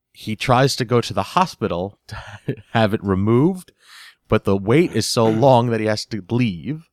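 Man, mid-pitched, casual podcast recap. Animated and giggly, with lots of restarts. Dry, close sound. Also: dry recording. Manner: animated storytelling, giggles often, repeats words while he searches for them.

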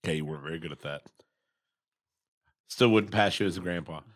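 A man co-hosting a casual podcast chat, teasing dryly with deadpan asides. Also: low-pitched, fairly quick. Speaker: podcast co-host.

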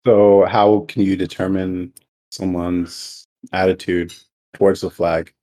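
A man's voice: deep voice, flat delivery, slow pace, warm tone. Laid-back teasing male podcast host. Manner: joking, teasing, laughs often. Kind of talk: casual chat. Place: home, separate rooms. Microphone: voice chat recording.

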